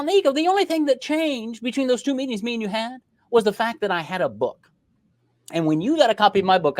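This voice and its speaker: A middle-aged man, a podcast guest, telling his story in a lively way and acting out bits of dialogue. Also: high voice. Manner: lively storyteller who acts out dialogue in changed voices. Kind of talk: casual interview storytelling.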